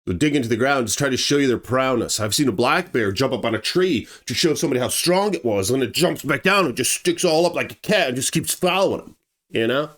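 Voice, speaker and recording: A man's voice: medium pitch, animated, fast. A man telling a true horror story in a casual, rambling way, full of asides. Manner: rambling, conversational, digresses often; shouts acted quotes in a raised voice.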